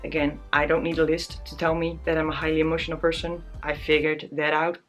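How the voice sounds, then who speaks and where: A woman's voice: low-pitched, flat delivery, brisk, a bit bright, highs cut off, soft background music. A young woman talking candidly to camera in a casual vlog, tearful and laughing at herself. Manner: candid, self-deprecating, often laughing. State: tearful, close to crying. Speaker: vlogger.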